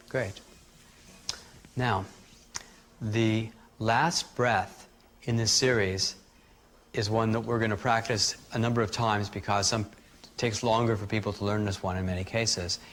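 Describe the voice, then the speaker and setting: A man teaching a live workshop, calmly guiding a group through breathing exercises and demonstrating them aloud. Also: on the low side, moderate pace. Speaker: energy healing teacher.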